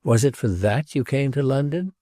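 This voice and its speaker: A man's voice: mid-range voice, normal speed, warm tone, no room sound, pitched above the performer's own voice, natural voice. A man voicing an elderly woman, tired and blunt, in an audiobook reading. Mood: weary. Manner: dry, tired, refusing.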